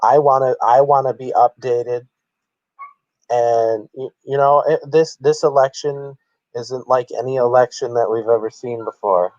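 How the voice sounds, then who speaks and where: A man's voice: medium pitch, steady tone, unhurried, a little mellow, dry recording. Guy streamer hamming it up all fake-emotional, dry dull lo-fi sound. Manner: mock-earnest, theatrically emotional. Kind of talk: satirical livestream commentary.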